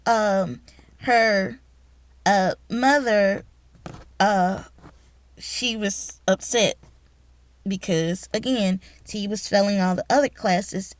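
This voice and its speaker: A woman with a medium-pitched voice, recorded without echo, works as a teacher and educational consultant. She tells a personal story with animation, acting out the voices of the people in it.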